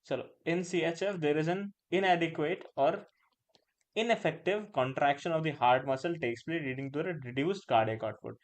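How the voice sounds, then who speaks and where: A man's voice: a little high, normal speed. Indian man teaching with repeated "right?". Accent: Indian English. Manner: repeats phrases, tags lines with "right?"; mixes Hindi words into English. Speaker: pharmacology teacher. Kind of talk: live online lecture.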